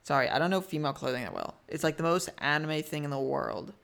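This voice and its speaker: A man co-hosting a casual podcast, laid-back and offhand with quick reactions. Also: a little high, expressive, gravelly, a bit bright. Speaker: podcast co-host. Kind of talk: casual chat.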